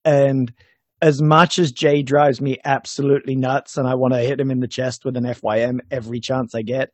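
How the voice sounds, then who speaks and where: Speaking a little fast at medium pitch with no room sound, a podcast co-host tells a story in casual chat. He's animated and laughs as he goes.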